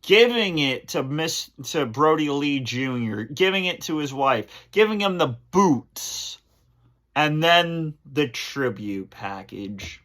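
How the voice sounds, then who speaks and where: A man hosting his channel, answering fan questions on camera in a halting, emotional way, full of fillers and restarts. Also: a little high, lively intonation, a bit bright. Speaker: channel host.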